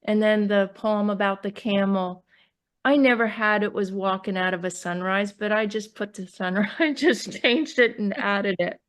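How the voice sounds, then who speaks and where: Speaking at a medium pitch, a poet from New York, judging by her accent, discusses her book casually in an interview, often breaking off and restarting as she gropes for words.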